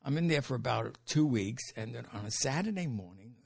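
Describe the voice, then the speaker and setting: A man's voice: mid-range voice, fairly quick, vocal fry, husky. An older man, a comedian telling profane stories in a casual interview and acting out the people in them. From New York. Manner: animated storyteller who acts out quotes and swears freely.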